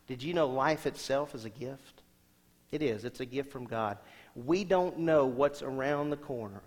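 A man preaching a sermon as senior pastor, asking the congregation questions and swinging between loud emphatic lines and quiet soft ones. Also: medium pitch. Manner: asks the congregation rhetorical questions. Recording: long hall reverb.

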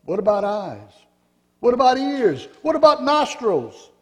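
A man's voice: high voice, big pitch swings, slow, dark tone, in a large hall, heavily acted. A man voicing a pink wooden figure who keeps asking skeptical questions in a storybook reading. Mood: curious. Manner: curious, skeptical, pressing questions.

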